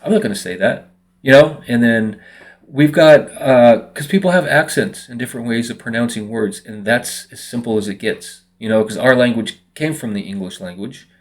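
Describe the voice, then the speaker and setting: A man from Washington State talks loosely to the camera in a vlog. His voice sits at an ordinary middle pitch, and his speech wanders through fillers and restarts. Now and then he breaks into quick imitations of how other people talk. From Washington State, United States. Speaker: vlogger. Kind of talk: casual monologue to camera.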